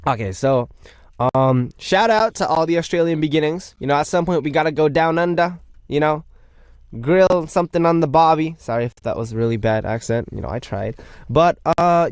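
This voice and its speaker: A man's voice: mid-range voice, no room sound, studio quality. Playful young male radio host. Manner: playful and chatty, jokes about himself. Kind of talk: casual radio chat reading listener messages.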